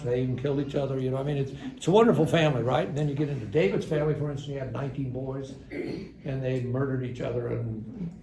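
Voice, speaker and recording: A man's voice: mid-range voice, gravelly, mellow. An older man giving a conversational church parenting seminar with dry, ironic humor, recorded in a church hall. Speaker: seminar speaker, psychologist. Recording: echoey hall with faint room noise.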